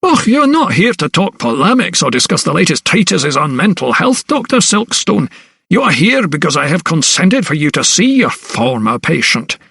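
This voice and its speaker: A man's voice: very animated, normal speed, gravelly, fairly bright tone, husky, no room sound, clean studio sound, exaggerated voice. A man putting on a haughty old asylum principal. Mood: condescending. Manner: condescending, pitched higher. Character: elderly male asylum principal, arrogant and dismissive.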